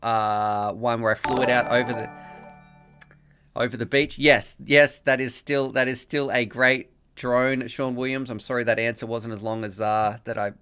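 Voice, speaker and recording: A man's voice: medium pitch, little pitch movement, normal speed, a bit bright, smooth, faint music behind. A man hosting a live stream, rambling and thankful, laughing often as he reads donations and messages aloud. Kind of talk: casual live-stream chat reading donations.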